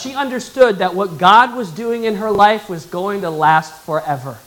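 In a rough recording, a high-pitched male pastor preaches at a moderate pace with few pauses. He speaks emphatically, prompting the congregation to respond.

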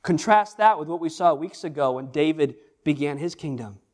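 A male pastor delivering a sermon in a noticeably high voice. He talks with animated emphasis, stumbling and restarting words and driving points home through repetition. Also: moderate pace.

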